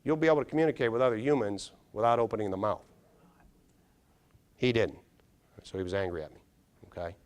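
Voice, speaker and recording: A middle-aged man, a neuropsychologist, giving an animated conference keynote, quizzing the audience and acting out little scenes. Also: lowish voice, a little fast, long pauses. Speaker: neuropsychologist speaker. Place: large conference hall.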